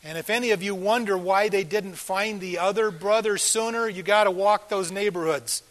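An older pastor delivering a sermon in a fairly high voice. He talks earnestly, swelling into loud emphatic lines and then sinking to near-hushed asides. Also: normal speed. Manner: earnest, swings between loud emphasis and soft quiet asides.

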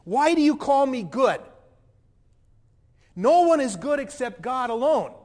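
A man voicing a calm, authoritative male teacher in a dramatic monologue, speaking in a measured, firm way, with a long hall reverb. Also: very high-pitched, pitched above the performer's own voice, heavily acted. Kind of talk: quoted lines in a dramatic monologue.

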